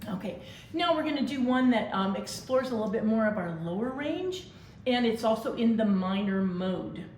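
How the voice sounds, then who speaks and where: A woman leading a vocal warm-up, giving brisk, encouraging instructions and singing exercise syllables. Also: on the high side, animated. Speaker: vocal coach. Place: large convention hall. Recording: echoey hall, faint noise.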